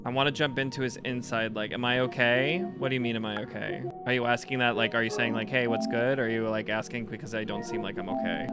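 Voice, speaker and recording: Young male streamer, mid-pitched, loose casual commentary over loud game music; talks to chat between fights. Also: normal speed, hardly any pauses. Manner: casual, chatty, reacting to chat with swings between excitement and frustration. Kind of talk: live gameplay commentary.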